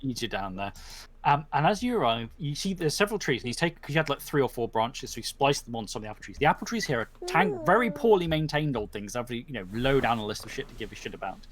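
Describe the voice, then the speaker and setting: A man's voice: medium pitch, quick pace. A man narrating a tabletop game as game master, rambling and full of fillers. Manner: rambling, animated, many fillers.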